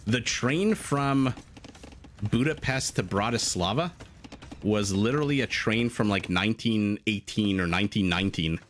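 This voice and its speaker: A man's voice: on the low side, moderate pace, slight background noise. Chatty man casting a strategy game. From Canada. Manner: chatty, jokey, breaks off to answer chat. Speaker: game caster. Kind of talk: live esports commentary, reading chat.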